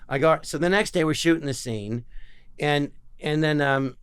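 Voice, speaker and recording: Smooth-voiced older man telling stories. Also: mid-range voice, fairly quick. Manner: animated storyteller acting out quoted voices. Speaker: guest comedian. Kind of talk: casual anecdote telling.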